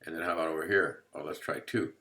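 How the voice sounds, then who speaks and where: Speaking fast in a very deep voice with fairly even intonation and a bright, forceful tone, a math teacher jokes through a relaxed screen-recorded lecture from home. He keeps checking in with his listeners by asking, "you see?"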